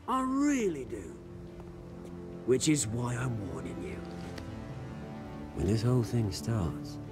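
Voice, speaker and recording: A crime boss with a gravelly edge. He swings wildly from bright, loud taunts to hushed threats. Game music plays underneath. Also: medium pitch, exaggerated voice. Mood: warning. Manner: menacing, theatrical, swings between loud and hushed. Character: scheming male crime boss with British accent.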